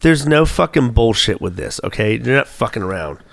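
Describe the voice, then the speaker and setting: A man's voice: medium pitch, brisk, creaky, no echo. Guy co-host, swears constantly, voice swings all over, dry close sound. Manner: excitable, heavy swearing, thinks aloud. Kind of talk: casual podcast chat, quiz game.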